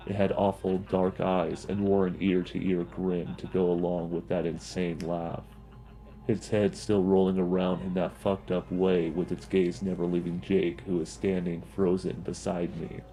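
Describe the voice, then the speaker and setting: Deep, dark-voiced horror narrator man. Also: little pitch movement, a little slow, rough recording. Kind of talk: scripted horror story narration.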